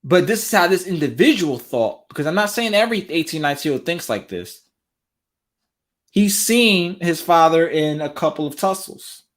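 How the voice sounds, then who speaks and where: A man's voice: a little high, lively intonation, moderate pace. A man hosting a relationship talk show, giving casual commentary straight to his viewers and repeating phrases for emphasis.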